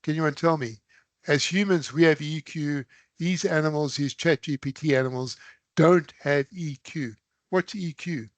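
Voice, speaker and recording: A man's voice: a little high, moderate pace, no echo. A man presenting a live online engineering webinar, chatty and loose, with sudden emphatic bursts.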